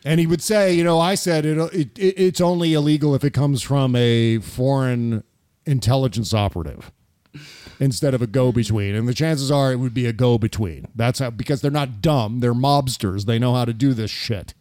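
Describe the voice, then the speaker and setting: A man's voice: medium pitch, moderate pace, a little mellow, no room sound, studio quality. A man hosting a political talk radio show, ranting and joking with his co-hosts.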